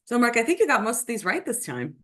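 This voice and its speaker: A woman hosting a casual chat, chatty and animated, laughing often. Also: fairly high pitch, quick pace. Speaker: host.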